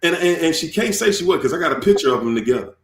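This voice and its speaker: A man hosting his channel in casual chat, animated and swearing freely, acting out quoted tirades. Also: a little high, very fast, echoey room. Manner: animated, swears, acts out quoted rants loudly. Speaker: channel host.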